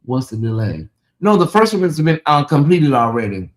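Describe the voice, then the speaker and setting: A man's voice: fairly high pitch, very animated, moderate pace. A man with a Southern US accent hosting a casual livestream, talking straight to his viewers and reading out and answering their chat. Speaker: livestream host.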